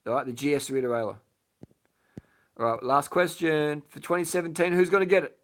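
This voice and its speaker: A man with a slightly raised pitch answers questions on a live stream from his bed. He talks bluntly and casually, swears without a second thought and says his points twice. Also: fairly even intonation, a little fast. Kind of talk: casual late-night live stream chat. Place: lying in bed at home.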